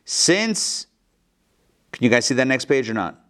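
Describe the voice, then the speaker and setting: Animated man teaching a class. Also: medium pitch, measured pace. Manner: lively, acts out the quotes with playful modern paraphrase. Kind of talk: live lesson, reading and explaining a text.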